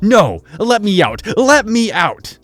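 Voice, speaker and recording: A man's voice: huge pitch swings, a little slow, a little mellow, faint music behind, exaggerated voice. Man doing a panicked, tearful teenage girl. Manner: shrill, pleading, near screaming.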